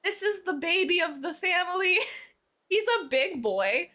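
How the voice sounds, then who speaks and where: A woman's voice: very high-pitched, lively intonation, unhurried, bright, forceful tone. A young woman streaming from her room at home, chatting casually with viewers and talking to her cat in a baby voice, with hiccups. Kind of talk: casual live-stream chat.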